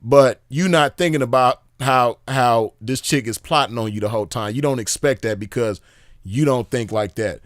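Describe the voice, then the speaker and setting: A man's voice: medium pitch, normal speed, no room sound, studio quality. A man giving casual, emphatic commentary, repeating himself, swearing and firing off rhetorical questions. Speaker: commentator reviewing drama.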